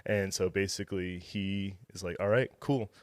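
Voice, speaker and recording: A man with a very low, deep voice recorded dry and close, with no room sound. He tells long, loose stories as a podcast guest, full of fillers, and acts out what people said. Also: fairly even intonation, normal speed, no echo. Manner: rambling, filler-heavy, acts out quoted dialogue. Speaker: restaurant beverage director, podcast guest. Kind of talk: casual storytelling interview.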